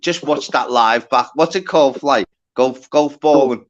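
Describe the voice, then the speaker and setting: A man hosting a livestream, telling a story in a lively, sweary way. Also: mid-range voice, measured pace, crowd noise. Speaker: livestream host. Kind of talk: casual livestream chat. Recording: dull lo-fi stream audio.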